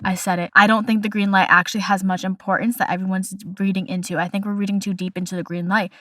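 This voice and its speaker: A woman's voice: mid-range voice, flat delivery, quick pace, fairly bright tone, no echo, some chatter behind. A young woman hosting a casual podcast, chatty and opinionated, delivering playful hot takes. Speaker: podcast host.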